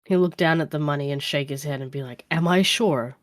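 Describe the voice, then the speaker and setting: A woman's voice: low voice, steady tone, fast, a little hiss or hum. A woman narrating a tabletop game as game master, in a casual, rambling way.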